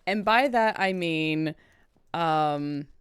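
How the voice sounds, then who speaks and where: A woman's voice: deep voice, expressive, extremely slow, smooth, dry recording. A woman in her thirties from Alaska, chatting casually with rambling asides while playing a video game. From Alaska, USA. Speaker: let's play streamer. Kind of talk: casual gameplay commentary.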